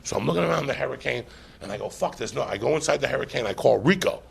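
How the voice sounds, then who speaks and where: Gravelly-voiced guy spinning a filthy story live, cussing and cracking himself up. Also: mid-range voice, very fast. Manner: animated, swearing, laughing as he tells. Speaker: podcast host. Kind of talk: profane comic storytelling. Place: live podcast stage.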